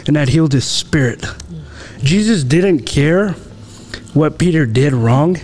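Man retelling a Bible story, higher voice. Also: normal speed, a little mellow. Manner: storytelling, acting out quoted lines, frequent "you know". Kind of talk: casual faith talk.

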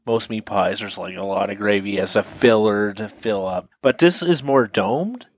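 A podcast co-host chatting casually about food, relaxed and quick to laugh, giving short replies. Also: low-pitched, no room sound. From Canada. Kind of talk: casual food-tasting chat.

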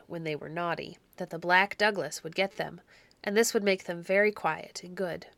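A woman narrating a storybook in a measured, clear storytelling manner. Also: mid-range voice, no echo. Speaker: audiobook narrator.

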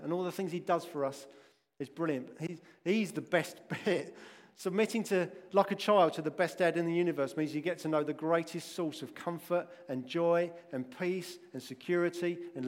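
A man's voice: a little high, moderate pace. Chatty male preacher in echoing hall. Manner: chatty storytelling, asides to the listeners. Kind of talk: sermon. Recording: long echoing hall reverb.

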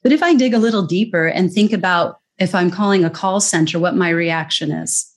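A woman's voice: lowish voice, a little fast. Earnest American woman explaining with emphasis. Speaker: guest expert on accents. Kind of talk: conversational interview.

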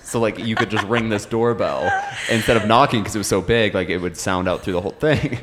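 A man's voice: on the low side, fairly quick, in a large hall, heavy background noise. A young man co-hosting a podcast in casual chat, telling a story in a dry, laid-back way. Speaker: podcast co-host.

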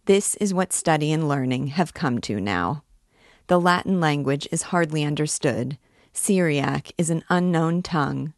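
A stern, icy archdeacon, as a woman reads him aloud, cold and severe in every measured word. The voice sits low and close, with a dry, dead sound around it. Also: dry recording. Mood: lecturing. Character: stern, icy middle-aged male archdeacon.

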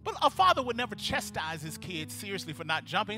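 A male pastor preaches in a high, bright voice. He acts out the story and climbs to shouted, fervent praise. Faint music plays beneath him. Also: big pitch swings, fairly quick, few pauses. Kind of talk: sermon.

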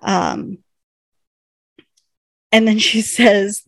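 A woman in her thirties chats through an episode recap as a podcast co-host, animated and quick to laugh. Her voice sits at an ordinary middle pitch. The recording is dry and close, with no room sound. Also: no room sound. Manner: animated retelling with laughs, acting out characters' lines. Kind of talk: casual chat.

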